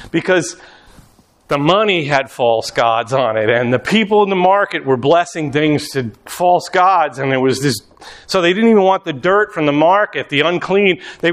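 A man preaching a sermon, telling a story with lively acted-out scenes and bursts of shouting. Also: fairly high pitch, moderate pace. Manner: animated storytelling, acts out scenes, rising to shouts. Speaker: pastor.

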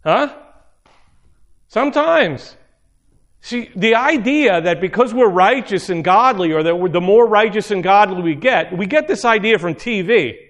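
A man preaching a sermon, animated, acting out little scenes in character voices. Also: sits high. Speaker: pastor.

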